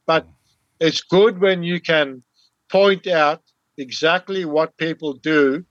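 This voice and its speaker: A man talks as a podcast guest, explaining things in a patient, teacherly way. His voice sits a bit on the higher side. The audio is dull and dry, like a remote call. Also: takes it slowly, no echo. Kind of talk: casual storytelling.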